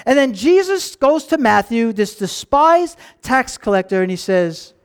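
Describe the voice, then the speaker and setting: High-voiced man preaching a lively sermon. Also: unhurried, few pauses, clean tone. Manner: animated storytelling, acting out voices in dialogue. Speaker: pastor.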